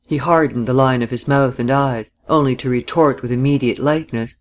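A man narrates a novel for an audiobook in a measured, even reading voice. The narration is scripted, and his voice is mid-range.

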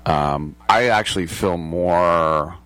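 A man's voice: low voice, takes it slowly, fairly bright tone, clean tone, no room sound, soft background music. A middle-aged American man hosting a sports radio show, talking casually in a rambling, digressive way with chuckling asides. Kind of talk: casual sports talk monologue.

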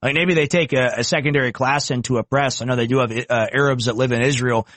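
A man hosting a reaction commentary, heated and scornful, with sudden jumps in pitch. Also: steady tone, quick pace, a bit bright, dry recording. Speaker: political commentator. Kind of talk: reaction commentary on a video clip.

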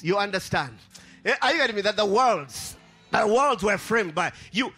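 A man preaching a sermon with impassioned, sing-song delivery, repeating his phrases and rising to shouts. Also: high voice, lively intonation, normal speed, faint music behind.

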